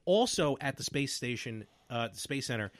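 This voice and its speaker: A man co-hosting a podcast in casual chat, telling stories with lively energy and frequent laughs. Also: mid-range voice, moderate pace, no room sound. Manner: animated storyteller, laughs often. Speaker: podcast co-host.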